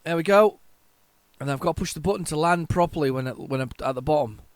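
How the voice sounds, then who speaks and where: A man hosting a retro gaming channel, giving chatty, excitable gameplay commentary with jokey, self-mocking asides to his viewers. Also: on the high side, quick pace, no room sound. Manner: excitable, chatty, talks to viewers while playing.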